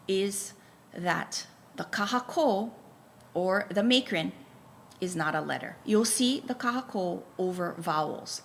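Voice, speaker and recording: A woman's voice: fairly low pitch, vocal fry, fairly bright tone, slight background noise. A woman teaching a Hawaiian pronunciation lesson, patiently spelling out each letter and telling learners to write it down. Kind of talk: slow, deliberate language lesson.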